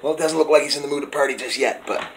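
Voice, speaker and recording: A man narrating a casual vlog and softly coaxing a timid pet. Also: fairly high pitch, rapid-fire, gravelly, reverberant, a little hiss or hum, low-quality recording. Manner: soft coaxing talk to a pet. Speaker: vlogger.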